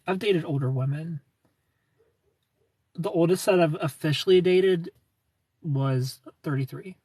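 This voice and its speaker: Man, 30s, husky, fairly high voice, dry close sound, casual livestream chat, rambling. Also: darkish tone, no echo. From outside the United States. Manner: rambling, restarts words, light laughs. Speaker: livestream host. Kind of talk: casual livestream chat answering viewer comments.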